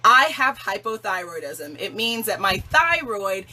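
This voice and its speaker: Female livestream host, casual and emphatic, laughs often, bright forceful tone. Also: medium pitch, big pitch swings, measured pace, rough recording. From Jamaican family. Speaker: self-love challenge host.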